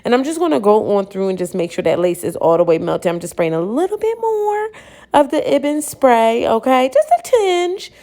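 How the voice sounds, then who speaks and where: A grown woman vlogger reviewing a wig in casual, slangy chat, playful and animated as she talks straight to her viewers. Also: medium pitch. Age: adult, not young. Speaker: beauty vlogger reviewing wigs. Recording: echoey room.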